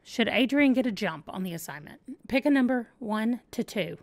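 A woman's voice: fairly high pitch, animated, normal speed, no room sound. A woman hosting a let's play, chatting casually and thinking aloud as she plays. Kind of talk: casual gameplay commentary.

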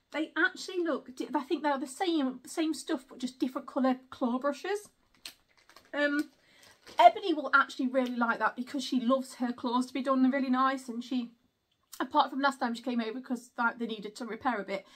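A high-pitched woman talks casually to camera while unboxing at home. She is chatty and giggly and keeps apologizing. Her voice is picked up by a camera mic in a room. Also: a bit bright. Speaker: vlogger.

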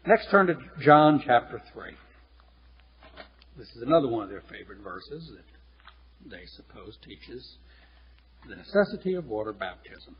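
A man preaching a lecture-style sermon, teaching in a lively, animated way with chuckles and restarts. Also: mid-range voice, unhurried, pauses often. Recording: dull lo-fi recording in a reverberant hall.

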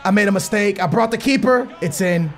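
A young man giving excitable live commentary on his own football video game matches, muttering while he concentrates and yelling when he scores. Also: high-pitched, brisk. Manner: excitable, bursts into shouting at goals. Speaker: gaming YouTuber.

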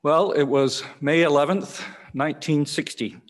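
Older man preaching in an echoing hall. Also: on the high side. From Canada. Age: 60s. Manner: measured, repeats key phrases with pauses. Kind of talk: sermon. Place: church hall. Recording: long echoing church reverb.

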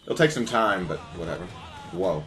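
Deep-voiced, laid-back gaming commentator. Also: male voice, expressive, moderate pace, a bit bright. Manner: laid-back, profane, joking. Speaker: gaming YouTuber. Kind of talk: let's-play commentary. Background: game music.

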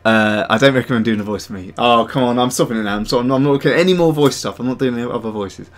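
A man hosts a casual livestream with a middle-pitched voice. He rambles and pokes fun at himself, reading out viewers' messages as they come in. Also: very fast. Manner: rambling, self-mocking, reads chat aloud. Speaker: host of a digital sculpting stream.

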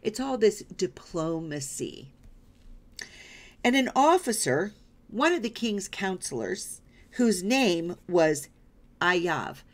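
A woman's voice: medium pitch, big pitch swings, slow, pauses often. A woman Bible teacher reading scripture aloud and stopping to explain it, often checking in with "right?" and "okay?". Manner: reads passages aloud, then stops to explain.

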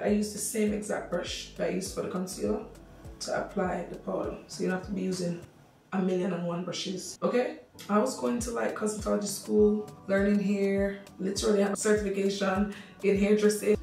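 A young woman with a Jamaican accent, chatting through a makeup tutorial and telling stories in a lively way. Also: mid-range voice, vocal fry, very echoey, recorded from a distance, rough recording. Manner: chatty, animated storytelling. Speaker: makeup artist.

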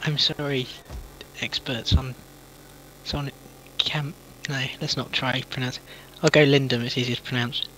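A man's voice: mid-range voice, fairly even intonation, a little slow, a bit bright, slight background noise, poor audio. A man in casual gameplay chat, making dry joking asides to his friend. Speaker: co-op player.

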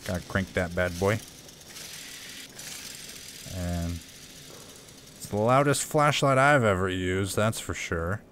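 A man's voice: deep voice, lively intonation, slow pace, pauses often, fairly bright tone, slight background noise. A man casually commenting on a horror game he is playing, joking and reading in-game notes aloud. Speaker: let's play gamer. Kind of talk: gameplay commentary.

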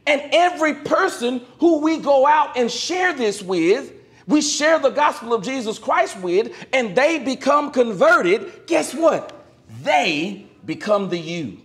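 Preacher guy with a real high voice, super animated, asking for amens. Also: slow. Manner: animated preaching, swings from loud exclamations to low asides; calls for amen from the congregation. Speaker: minister. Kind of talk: sermon.

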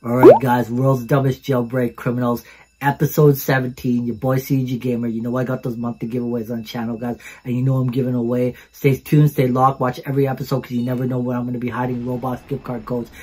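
A man hosting his gaming channel, giving excitable gameplay commentary, repeating himself and calling out to his viewers. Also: mid-range voice, brisk, breathy edge.

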